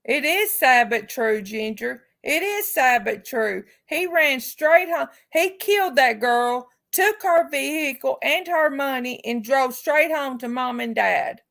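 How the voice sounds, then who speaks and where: A woman's voice: high voice, animated, a little slow, vocal fry, few pauses, a bit bright. A woman hosting a live stream, speaking casually and outspokenly to her chat viewers with heartfelt remarks. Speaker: livestream host.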